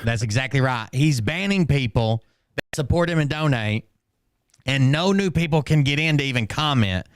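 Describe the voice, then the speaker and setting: A male commentary host with a smooth, resonant voice. He makes dry, sarcastic remarks at an ordinary pitch. The recording is close and free of room sound. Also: lively intonation, moderate pace, dry recording.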